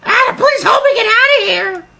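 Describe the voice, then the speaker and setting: A man voicing a chatty, hasty male dolphin in a squeaky, birdlike voice, rambling and excitable. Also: normal speed, gravelly, exaggerated voice. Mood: panicked.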